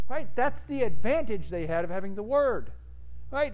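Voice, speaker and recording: A man's voice: high voice, big pitch swings, moderate pace, low-quality recording. A man preaching a sermon as pastor, in a conversational way that keeps checking in with "right?" and repeats words as he starts a thought.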